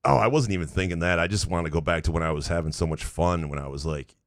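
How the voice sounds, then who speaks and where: A man's voice: sits low, fast talker, no echo, clean studio sound. A man in his forties co-hosting a casual sports podcast, reading listener questions aloud and teasing with profane jokes. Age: 40s. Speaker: podcast co-host.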